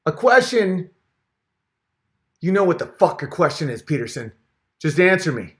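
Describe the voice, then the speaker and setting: A man's voice: a little high, sing-song, normal speed, pauses often, fairly bright tone. A man hosting his own channel, ranting in a heated, sarcastic, profane way, with rambling restarts and asides. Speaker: channel host. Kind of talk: comedic rant vlog.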